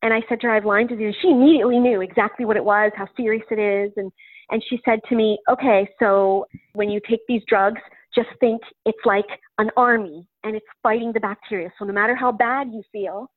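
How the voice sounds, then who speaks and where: A woman's voice: medium pitch, steady tone, brisk, no echo. A woman guest in an interview, recounting a personal story in a chatty way with frequent "um" fillers. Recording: tinny phone-line sound, dry.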